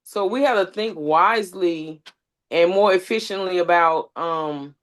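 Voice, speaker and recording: A woman's voice: lowish voice, unhurried. Earnest woman speaking as an organizer. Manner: earnest, builds long lists, frequent fillers. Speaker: community organizer and panel speaker; substitute teacher. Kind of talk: impassioned panel talk.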